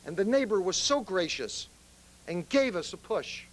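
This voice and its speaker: A man voicing a wife who gently coaxes her husband to help a stranger. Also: high-pitched, sing-song, normal speed, rough recording. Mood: coaxing.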